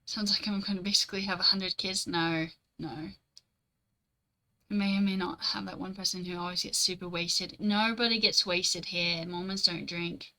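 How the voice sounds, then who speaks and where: A woman's voice: fairly low pitch, fairly even intonation, normal speed, pushed and bright, poor audio. A young woman streamer in casual, rambling chat, reading and answering her chat, swearing casually and laughing often.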